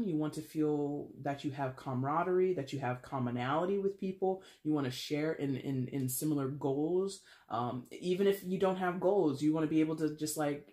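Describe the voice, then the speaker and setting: A man's voice: fairly high pitch, darkish tone. A man giving a casual tarot reading, talking in a chatty, blunt, wry way with lots of fillers. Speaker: tarot reader. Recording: roomy echo.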